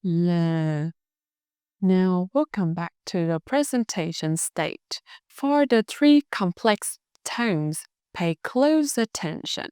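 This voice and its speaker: Slow, mellow Vietnamese-accented woman teacher. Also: medium pitch, animated, smooth, dry recording, studio quality. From Hanoi, Vietnam. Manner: slow, careful demonstration of tones. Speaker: language teacher. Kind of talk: scripted language lesson.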